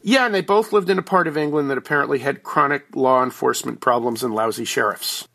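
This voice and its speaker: A man's voice: medium pitch, fast talker, gravelly, a bit bright. A man who is a regular guest commentator on a radio show, explaining news items over a phone line in a folksy, joking way. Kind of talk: conversational explainer.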